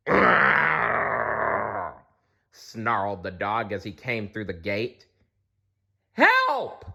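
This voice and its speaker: A man reading a children's storybook aloud, expressive, with small slips and restarts. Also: lowish voice.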